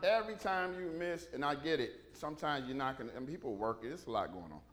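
A man's voice: mid-range voice, lively intonation, quick pace, fairly bright tone. A male pastor preaching a sermon, telling the story with animation and many restarts.

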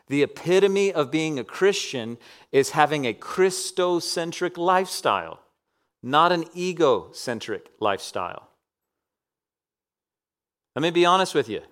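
A man in his thirties preaching a sermon, swinging from loud emphatic peaks down to soft, near-whispered passages. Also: fairly high pitch, animated, a little slow, long pauses.

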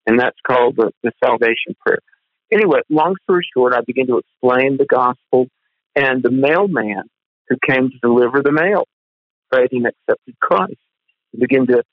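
Male guest, lively storyteller, dry phone-line sound, middle pitch. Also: no echo. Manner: animated storyteller, quotes others in his voice. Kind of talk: conversational testimony.

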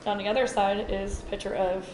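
A woman's voice: mid-range voice, fairly even intonation, fast talker. A woman speaks casually about her young son, chatty and amused. Her voice sits in an echoey room with background noise. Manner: chatty, laughs while telling. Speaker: mother. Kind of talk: casual storytelling.

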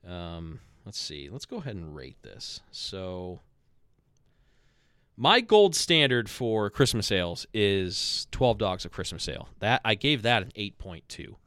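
A man hosting a podcast in relaxed, rambling chat. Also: fairly low pitch, measured pace, dry recording, clean studio sound. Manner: relaxed, rambling, with fillers and self-corrections. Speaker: podcast host.

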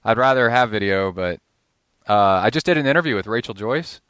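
A man's voice: lowish voice, lively intonation, fairly quick, a bit bright, clear, resonant tone, dry recording. A man hosting a podcast interview over a Skype call, chatty and joking, laughing often. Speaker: podcast host. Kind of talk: casual interview chat.

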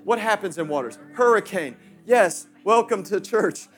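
A male pastor preaching passionately, swinging from loud calls to hushed asides with playful remarks to the congregation. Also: high-pitched, animated, moderate pace, soft background music. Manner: impassioned preaching with sudden shifts from shouting to hushed. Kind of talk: sermon.

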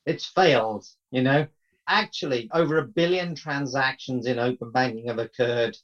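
A man's voice: medium pitch, fairly even intonation, normal speed, fairly bright tone. A man in a podcast discussion, arguing his points and tagging them with questions. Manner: tag questions, argumentative, ends points with "right?". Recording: dull lo-fi audio.

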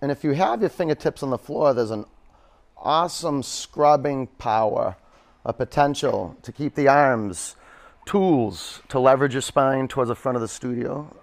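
In a studio, a male yoga teacher leads a class, calling out poses and breathing cues at a medium pitch and moderate pace with some vocal fry. Between instructions he slips into playful, chatty stories, then eases back into the flow.

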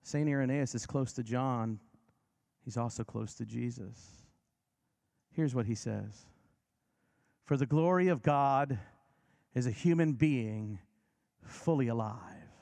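A man preaching a sermon, emphatic and dramatic, who slows down and speeds up, drops to a near whisper and rises again, and leads his listeners in repeating lines. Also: medium pitch, vocal fry, a little mellow. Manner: emphatic, varies pace and volume for effect.

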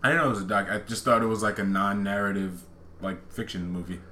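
A man's voice: lowish voice, fast, bright, forceful tone, echoey room. A man co-hosting a podcast, talking casually about films and often hesitating and starting over. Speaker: podcast co-host. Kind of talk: casual film chat.

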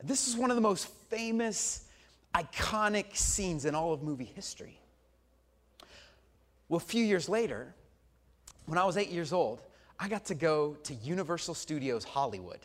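A man in his forties preaching a sermon as a pastor, telling a story with animated swings from loud to hushed. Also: high voice.

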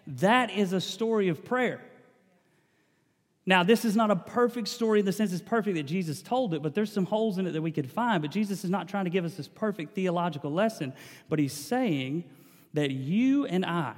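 A man with a slightly high voice preaches a sermon, building in intensity and repeating his phrases. His voice rings out with a long reverb, as if in a large hall. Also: fairly quick. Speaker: pastor.

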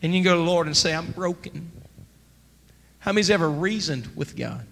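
A man preaching a sermon as pastor, emphatic and rising to near-shouts. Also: a little high, lively intonation, rapid-fire, creaky. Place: church sanctuary. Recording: church sanctuary with long reverb, faint noise.

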